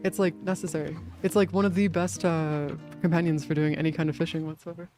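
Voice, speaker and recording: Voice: medium pitch, little pitch movement, fast talker, music in the background. A live streamer chatting casually with friends and viewers while playing, rambling through lots of fillers and casual swearing. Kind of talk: casual gaming stream chat.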